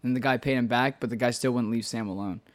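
A man's voice: mid-range voice, steady tone, quick pace. A man in his late twenties telling a story in casual chat, laughing often and swearing freely. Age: late 20s. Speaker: podcast co-host telling a story.

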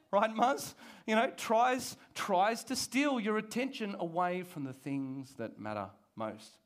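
High-voiced man preaching animatedly. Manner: animated, conversational preaching with laughs. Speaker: pastor. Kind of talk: sermon. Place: church service.

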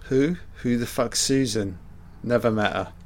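A man's voice: mid-range voice, measured pace. A man giving a casual, sweary commentary on a film, muttering his reactions as he watches. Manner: relaxed, sweary, muttering asides.

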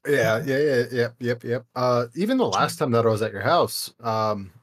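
Young male co-host, mid-pitched, rambling and relaxed, drops casual curses. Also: normal speed. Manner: rambling, loose, swears casually. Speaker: podcast co-host. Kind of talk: casual podcast chat.

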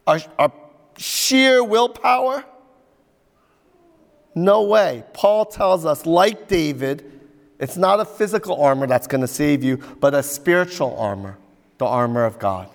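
Male pastor, high voice, animated conversational sermon, long hall reverb. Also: unhurried. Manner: animated storytelling, conversational asides.

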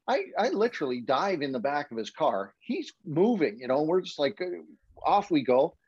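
A hockey broadcaster guest in casual podcast chat, telling a story animatedly and jumping high in pitch to act out quotes. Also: male voice, sing-song, normal speed, darkish tone, husky, dry recording. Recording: dull, dry podcast audio.

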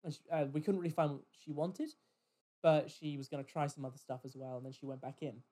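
Slightly high and fast, the man's voice comes through poor-quality audio as he hosts a podcast. He tells a casual story about a rude customer with lots of energy, swearing and imitating the customers' lines in quoted voices.

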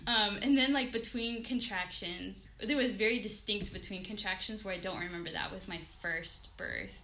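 Animated woman telling a story. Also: mid-range voice, normal speed. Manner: animated storytelling, acts out her own thoughts. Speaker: podcast guest. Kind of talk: casual conversation. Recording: faint background noise.

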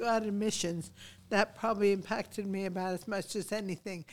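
An older woman, a missionary guest, telling personal stories and exhorting listeners in an outspoken, emphatic way. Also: on the high side. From United States. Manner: outspoken, emphatic, animated retelling.

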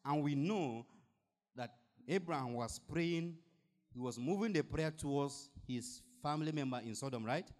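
A man's voice: on the high side, normal speed, darkish tone. A male pastor preaching a sermon, reading scripture and pressing the point with emphatic rhetorical questions and frequent hallelujahs.

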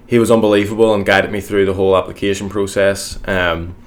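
A young man from Northern Ireland speaks with a Northern Irish accent and a low, deep voice. He chats casually as a guest, relaxed and modest, with many ums. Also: fairly quick. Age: young adult. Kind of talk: casual interview chat.

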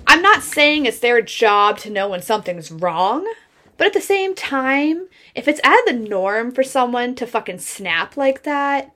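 A woman's voice: a little high, lively intonation, a little slow, bright, forceful tone. A young woman podcast co-host telling a work story in casual chat, blunt and swearing constantly as she vents. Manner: heavy swearing, blunt and venting.

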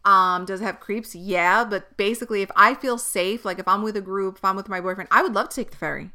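A woman's voice: medium pitch, fairly even intonation, fast, bright, forceful tone. A young woman hosting a podcast, venting in an exasperated, profane way. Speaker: podcast host. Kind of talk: candid solo podcast monologue.

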